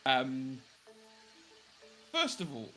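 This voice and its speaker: A man narrating a tabletop game as game master. He describes scenes at an unhurried pace and uses plenty of fillers. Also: medium pitch, wildly swooping pitch, bright, forceful tone, soft background music, low-quality recording.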